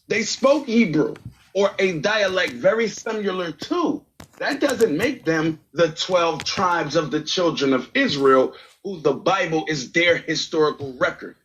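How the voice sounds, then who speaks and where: A man's voice: high voice, a bit bright, husky, muffled recording. A man debating in a voice chat room, emphatic and insistent, often ending points with "right?". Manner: emphatic, keeps asking "right?".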